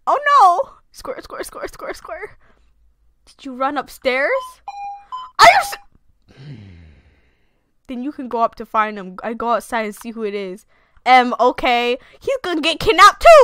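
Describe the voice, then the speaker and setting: A woman commentating her own gameplay, reacting loudly and giggling, sometimes voicing the characters. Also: on the high side, sing-song, measured pace, pauses often, smooth, dry recording, clean studio sound. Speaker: gamer. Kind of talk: let's play commentary.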